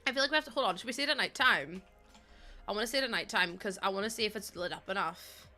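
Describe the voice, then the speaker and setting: A woman's voice: medium pitch, quick pace, sharp tone, faint music behind. A tired young woman, chatting casually with her viewers during a live game stream, giggly and rambling. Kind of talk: casual live-stream chat while playing.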